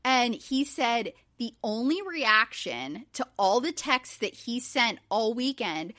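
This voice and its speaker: A woman's voice: on the high side, takes it slowly, dry recording, studio quality. A woman in her forties, a podcast host, recapping in casual chat with lots of fillers. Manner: chatty, animated, many fillers.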